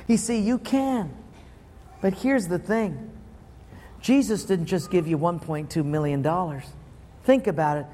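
Preacher man, highish gravelly voice, storytelling sermon in a big echoey hall. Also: a little slow, long pauses, warm tone. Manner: storytelling, punchy and playful. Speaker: pastor.

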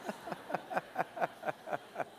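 A man's voice: drawn-out words, in a large hall. A man preaching a sermon, telling stories with humor and acting out the voices of people praying and complaining. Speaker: pastor.

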